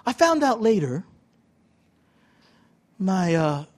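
Chatty middle-aged preacher, somewhat high voice. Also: male voice, very animated, slow. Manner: casual, self-deprecating storytelling with many fillers. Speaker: pastor. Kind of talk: sermon.

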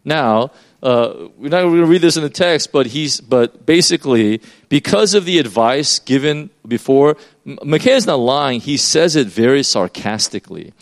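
A man's voice: medium pitch, lively intonation, moderate pace. A man preaching a sermon in a loose, conversational way, explaining as he goes with many fillers and restarts.

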